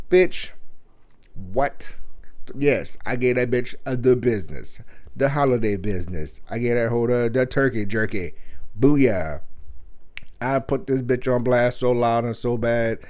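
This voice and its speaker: A young man hosting a podcast, telling a profane story in an animated, loud rant full of cursing and mimicked voices. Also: mid-range voice, normal speed. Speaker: podcast host.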